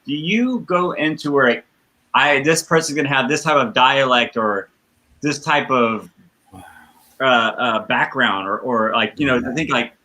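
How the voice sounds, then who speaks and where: Host guy with a bright, sharp voice, rambles a bit, lots of uh and like. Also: mid-range voice, low-quality recording. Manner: rambling, searching for words with fillers. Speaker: interviewer host. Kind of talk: casual conversation.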